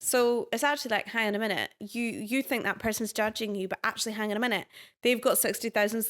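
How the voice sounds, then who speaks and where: Young Scottish woman in her twenties, a chatty and animated interview guest who laughs easily; voice sits a touch high. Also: fast talker. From Scotland. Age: 20s. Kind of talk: casual interview chat.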